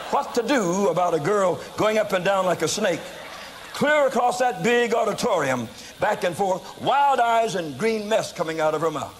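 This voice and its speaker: An older American man preaching, telling a story in an animated way with sudden shouts and laughter at himself. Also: sits high, big-room sound, background noise. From United States. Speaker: evangelist preacher. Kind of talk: storytelling sermon.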